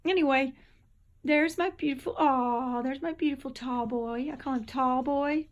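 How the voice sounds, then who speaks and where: A woman's voice: high-pitched, normal speed, highs cut off. A tired woman, just up from a nap, rambling chattily at home in a casual vlog. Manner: rambling, chatty, drifts between topics. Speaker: vlogger. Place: home, indoors.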